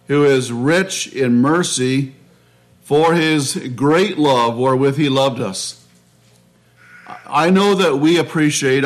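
A man preaching a sermon in a measured, reflective way, often restarting his phrases. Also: mid-range voice. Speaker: pastor.

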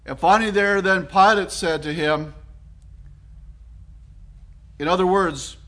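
A man's voice: high voice, a little slow, long pauses, a bit bright. A Canadian man preaching a sermon in an earnest, reflective way, with frequent restarts and fillers.

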